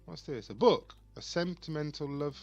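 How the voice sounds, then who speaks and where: A man's voice: a little high, normal speed, creaky, darkish tone, muffled recording, faint music behind. Man musing over a game. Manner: thinks aloud, reads on-screen text, puzzled asides. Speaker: let's play host. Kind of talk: casual gameplay commentary.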